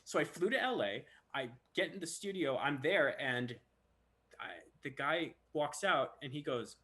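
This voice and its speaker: Lively male voice actor telling stories, bright voice that swoops a lot; casual chat. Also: on the high side, unhurried. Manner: animated storyteller who acts out quotes. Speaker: voice actor guest.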